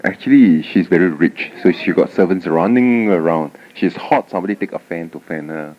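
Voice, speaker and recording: A man's voice: low-pitched, moderate pace. A man giving a Buddhist dharma talk, telling stories animatedly and often tagging lines with "huh?". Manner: animated storytelling, frequent "huh?" tag questions. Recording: dull lo-fi 1989 tape recording.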